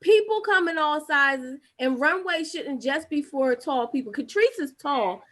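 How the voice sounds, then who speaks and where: A woman with a high voice hosts a casual live-streamed interview over a video call. She chats freely, restarts her sentences and reads viewer comments aloud. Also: animated, a little slow, fairly bright tone. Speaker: host of a live-streamed talk show.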